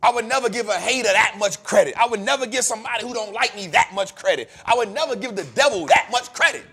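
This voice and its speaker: High husky guy hyping himself up, slangy and repetitive, talks about money. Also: fast, fairly bright tone. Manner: preachy, emphatic and repetitive; casual street slang. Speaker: podcast host. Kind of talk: motivational finance talk.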